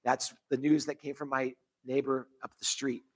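A man's voice: mid-range voice, flat delivery, moderate pace. A man pastor leading a closing prayer in church, earnest, with repeated phrases and restarts. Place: church sanctuary.

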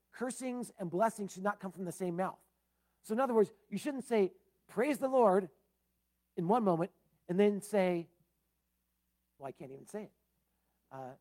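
A man's voice: high voice, darkish tone. Middle-aged male pastor, easygoing teaching sermon, plain-spoken with chatty asides. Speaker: preacher. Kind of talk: conversational Bible-teaching sermon.

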